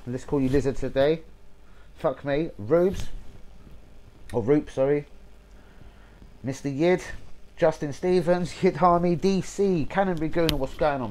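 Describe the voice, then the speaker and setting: A young man, hosting a football channel, reading out viewer shout-outs in a chatty, sweary way and stumbling over names. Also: on the high side.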